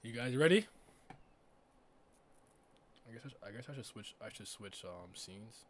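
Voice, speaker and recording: A man giving a casual reaction commentary as a streamer, laughing and swearing with loud frustrated outbursts. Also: medium pitch, lively intonation, normal speed. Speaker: streamer reacting to an anime episode.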